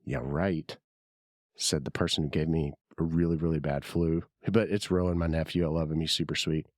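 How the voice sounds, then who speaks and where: Deep-voiced man with a sore throat. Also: flat delivery, fairly quick, dry recording, studio quality. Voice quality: husky from illness. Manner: rambling, chatty, self-deprecating. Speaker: podcast host. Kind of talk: casual solo podcast monologue.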